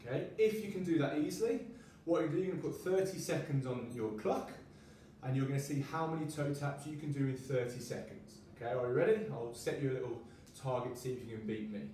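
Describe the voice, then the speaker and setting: A man's voice: medium pitch, a little fast, dark tone, recorded from a distance, slight background noise. Encouraging male PE teacher in echoey room. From United Arab Emirates school. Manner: encouraging, demonstrating while talking. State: a little out of breath while counting. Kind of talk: home workout lesson.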